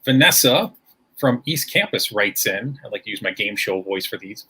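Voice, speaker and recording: A man's voice: lowish voice, expressive, normal speed, sharp tone, slightly rough. A man hosting a school presentation livestream, taking audience questions with upbeat, formal phrasing.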